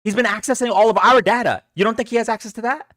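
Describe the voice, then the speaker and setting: A man's voice: high-pitched, fast, fairly bright tone, dry recording, studio quality. A man hosting a livestream, talking casually to his chat, exasperated and sarcastic, often repeating himself. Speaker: political livestream host.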